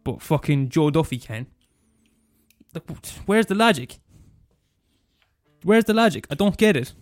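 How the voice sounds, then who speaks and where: Young Irish male podcaster, sweary fast-talking ranter, slightly high voice, dry sound. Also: sing-song, dry recording, soft background music. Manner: profane, ranting, fast and mumbly. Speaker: podcast host. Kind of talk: casual solo rant.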